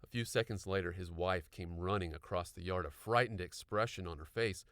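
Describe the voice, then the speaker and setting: A man narrating an audiobook with expressive storytelling. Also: low voice, a little fast, hardly any pauses, no echo, studio quality.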